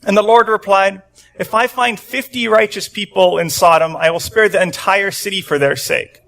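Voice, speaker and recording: High-voiced man giving a casual sermon. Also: fairly even intonation, moderate pace, vocal fry, bright, forceful tone. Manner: conversational, acts out quotes with rising pitch. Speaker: pastor. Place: church room with a congregation.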